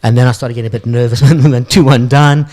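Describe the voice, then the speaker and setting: A man's voice: mid-range voice, fairly even intonation, fast, darkish tone. A man co-hosting a sports radio show, chatting casually and poking fun at his own bets. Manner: chatty, self-deprecating about his bets.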